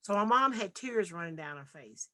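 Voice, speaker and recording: A woman's voice: mid-range voice, lively intonation, normal speed, bright, forceful tone. A woman from Nashville giving an earnest, heartfelt personal testimony as a podcast guest. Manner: earnest, heartfelt, vivid retelling.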